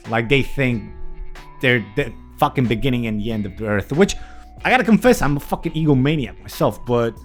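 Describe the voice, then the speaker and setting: A man delivering a candid vlog monologue as a heated, profane, emphatic rant. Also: medium pitch. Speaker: vlogger.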